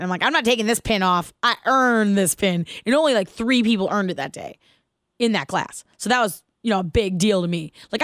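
A woman in her thirties hosting her own podcast, telling a personal story in an animated, casual way, laughing as she goes and asking listeners questions. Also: mid-range voice, no room sound, studio quality. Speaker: podcast host.

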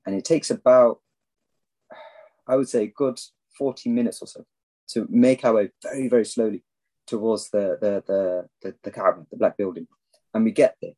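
A man from England telling a long personal story as a podcast guest, animated and acting out what others said. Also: fairly low pitch, poor audio. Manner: animated storyteller, acts out quoted speech. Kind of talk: storytelling in a casual interview.

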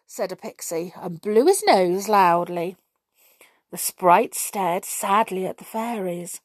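A woman reading a children's fairy story aloud in a gentle, expressive storybook manner. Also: on the low side, slow, no room sound.

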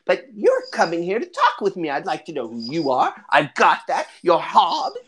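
A game master voicing a chatty, fussy old grandmother hobbit woman in a high sing-song voice. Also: wildly swooping pitch, normal speed. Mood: doting.

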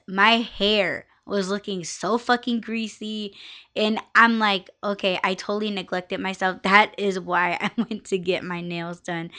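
A woman's voice: mid-range voice, bright, forceful tone, clean tone. A young woman hosting a podcast on her own, chatting candidly and profanely, rambling with lots of fillers. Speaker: podcast host. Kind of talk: casual solo podcast chat.

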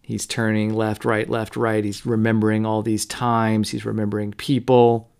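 A man hosting a podcast, talking through a novel in a low-key, conversational way with frequent fillers. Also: completely flat delivery, normal speed, creaky, darkish tone, clear, resonant tone. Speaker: podcast host. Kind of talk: casual book discussion.

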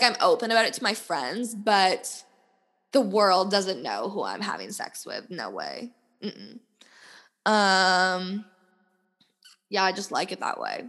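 A woman's voice: fairly low pitch, a bit bright. A young woman in her twenties hosting a casual solo podcast, talking candidly with lots of "like" fillers and laughter. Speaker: podcast host. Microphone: podcast mic.

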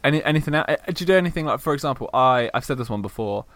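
A man's voice: medium pitch, animated, a bit bright, dry recording. A young man hosting a podcast, chatting casually, teasing his guest and laughing readily. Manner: playful, teasing, quick to laugh. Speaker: podcast host. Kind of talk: casual chat.

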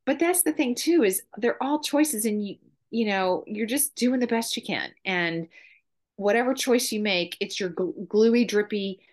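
A woman's voice: mid-range voice, unhurried. A middle-aged woman, a guest on a podcast, telling heartfelt stories in earnest. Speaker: guest, mother. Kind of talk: casual conversation.

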